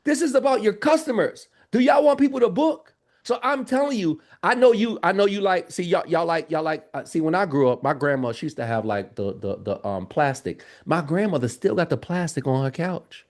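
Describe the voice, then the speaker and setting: A man coaching viewers in casual livestream talk, animated and calling to the chat. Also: high-pitched, fairly quick. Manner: animated, talks straight to the chat with lots of y'all. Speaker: Airbnb business coach. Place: home office.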